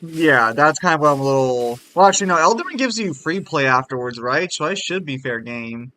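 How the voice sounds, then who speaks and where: Bright-voiced young male streamer, excitable, swears freely, casual gaming chat. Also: a little high, fairly quick.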